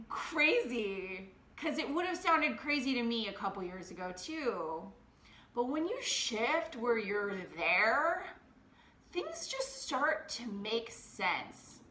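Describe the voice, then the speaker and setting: Bright, emphatic woman in her thirties. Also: high voice. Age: 30s. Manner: emphatic, swings between fast excitement and slow hushed emphasis. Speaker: podcast host. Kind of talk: motivational monologue. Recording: roomy echo.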